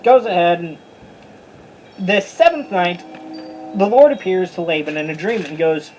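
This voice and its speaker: A Bible study teacher giving a casual, informal lesson, chatty and stumbling over hard names, with a husky voice. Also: medium pitch, expressive, measured pace, a little mellow, slight background noise, poor audio.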